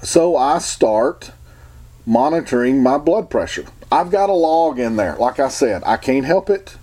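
A man's voice: medium pitch, lively intonation, a little slow, warm tone. A man talking casually and emphatically to his viewers, opinionated and rambling, often restarting his sentences. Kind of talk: casual talk to camera.

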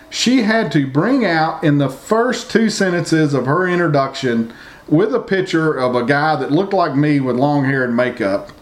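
Man, vlogger, talking straight to camera in an indignant, rambling rant; voice sits a bit high. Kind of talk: opinion rant to viewers.

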